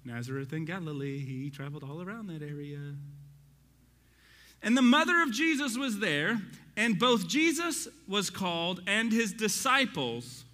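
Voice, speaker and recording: A man with a high, sharply bright voice teaches Scripture in a lively, conversational way, speaking directly to the people in front of him. His words ring out with a long reverb trailing behind them in a hall. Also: normal speed. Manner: excitable, conversational, talks straight to the listeners. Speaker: Bible teacher. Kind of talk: animated Bible study teaching.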